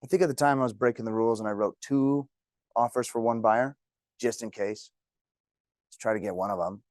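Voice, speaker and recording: A man with a lowish voice teaches a real estate class, telling jokey stories to the room. The sound is clean and studio-like, with no room sound.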